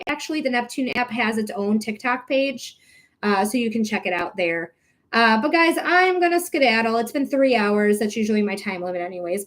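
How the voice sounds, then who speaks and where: Reading tarot on a live stream, a woman with a slightly high voice is tearful and close to crying, gushing thanks to her viewers and cursing casually.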